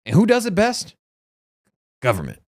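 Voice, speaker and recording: A man's voice: sits high, wildly swooping pitch, normal speed, no echo, clean studio sound. A man co-hosting a crypto livestream, reading out viewer names and teasing his co-hosts in a laid-back way. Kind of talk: casual livestream chat.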